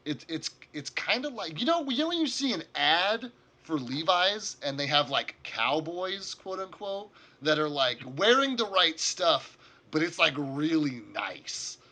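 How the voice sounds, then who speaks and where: A man's voice: fairly high pitch, very animated, a little slow, hardly any pauses, bright, forceful tone. A man narrating as game master of a tabletop game, rambling with lots of fillers.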